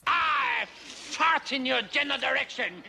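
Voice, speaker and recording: A woman voicing a rude, shouting male French guard who hurls mock insults. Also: high voice, lively intonation, measured pace, vocal fry, a little hiss or hum, voice pushed up, full character voice. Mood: taunting.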